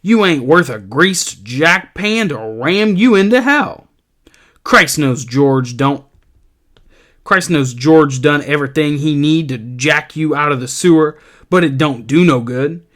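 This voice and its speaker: A big, cruel rabbit sneers and jeers in a loud, high voice, as a man puts it on while reading aloud. His taunts come slow and heavy, each insult pushed hard. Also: animated. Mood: taunting.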